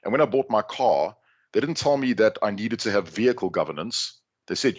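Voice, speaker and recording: A middle-aged South African man giving a lively, joking talk to an online audience. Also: on the low side, brisk. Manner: lively, jokey, chatty asides. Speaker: guest speaker. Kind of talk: conference talk on a video call.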